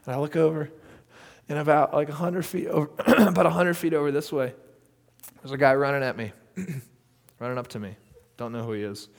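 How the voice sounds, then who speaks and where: A man's voice: on the high side, brisk, vocal fry, pauses often, in a large hall. A man from the United States telling a story casually, full of fillers and frequent laughter. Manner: animated, laughs often, many fillers. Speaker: missionary storyteller.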